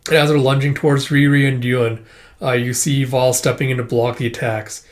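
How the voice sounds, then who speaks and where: A man's voice: medium pitch, level tone, moderate pace. A man casually reading and recapping a comic aloud, rambling with fillers and forgetting names. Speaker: manga reader and recapper.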